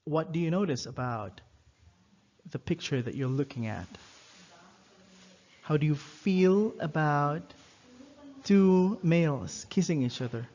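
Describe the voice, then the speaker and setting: A man teaching a recorded lesson, explaining patiently and repeating words slowly for learners. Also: on the high side, lively intonation, darkish tone. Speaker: French teacher. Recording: dull lo-fi voice recording.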